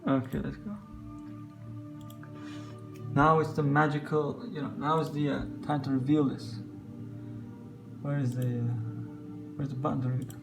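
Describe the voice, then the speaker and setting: A man hosting a casual software tutorial, muttering to himself and joking as he gets frustrated. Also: medium pitch, flat delivery, a little slow, gravelly, pauses often, music in the background. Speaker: tutorial host.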